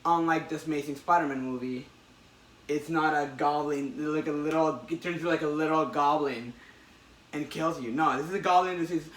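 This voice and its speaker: Excitable man recapping a comic, roomy echo. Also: on the high side, normal speed. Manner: excitable retelling, frequent restarts. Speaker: podcast host. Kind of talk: casual comic book chat. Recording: echoey room, distant mic.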